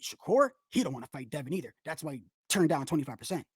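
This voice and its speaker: A woman voicing a smug male boxing pundit in a mocking, much deeper put-on drawl. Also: sing-song, quick pace, husky, no room sound, studio quality, exaggerated voice. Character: scoffing hype-peddling male boxing pundit.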